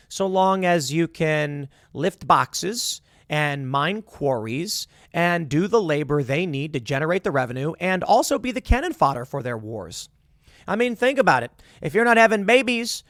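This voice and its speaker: A man with a slightly high voice hosts a political commentary show, delivering a sarcastic monologue in an animated way. He mocks the people he quotes, acting out their words in mocking voices. The studio sound is clean, with no room sound.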